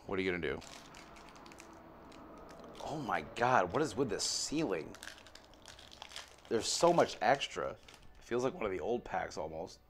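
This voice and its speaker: A man opening trading card packs on camera, rattling off card names and swinging between quiet mutters and excited, sweary outbursts. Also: fairly low pitch, slight background noise. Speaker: card pack opener on a video channel. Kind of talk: casual pack-opening commentary.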